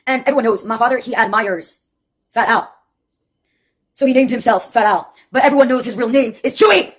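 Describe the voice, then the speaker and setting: A woman's voice: fairly high pitch, brisk. A woman in her late twenties telling a rambling, profane personal story with sardonic asides and laughs mid-sentence. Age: late 20s.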